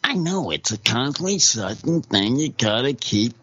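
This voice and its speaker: Husky, laid-back podcast host. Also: male voice, medium pitch, very animated, moderate pace, a bit bright, dry recording, muffled recording. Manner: laid-back, short interjections. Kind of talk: casual live-stream chat.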